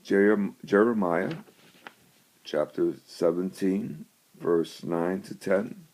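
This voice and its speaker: A man telling a story and then preaching on scripture, in a slow and deliberate way. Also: deep voice, a little mellow. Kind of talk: storytelling devotional.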